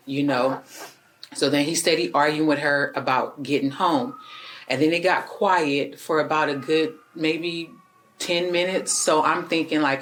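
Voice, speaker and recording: A woman neighbor giving a halting, hesitant account to police in an interview room. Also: low-pitched, steady tone, fairly bright tone, slight background noise. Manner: hesitant, halting retelling with fillers. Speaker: witness, neighbor.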